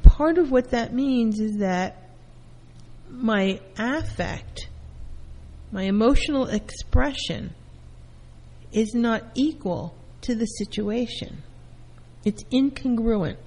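Woman, therapist, calm teaching lecture, everyday examples, unhurried delivery, long reverb. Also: fairly high pitch. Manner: calm, explains with everyday first-person examples. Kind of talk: lecture explaining psychology terms.

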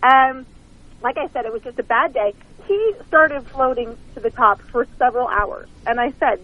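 A woman's voice: high voice, moderate pace, slightly rough, phone-quality sound. A woman author calling in as a guest, telling stories candidly with self-mocking humor and frequent laughter. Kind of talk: phone-in interview, casual storytelling. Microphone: phone line.

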